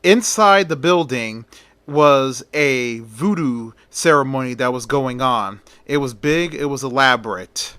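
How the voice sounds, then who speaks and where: Bright-voiced man retelling a story. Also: medium pitch, a little slow, smooth, dry recording. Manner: casual, conversational narration with fillers.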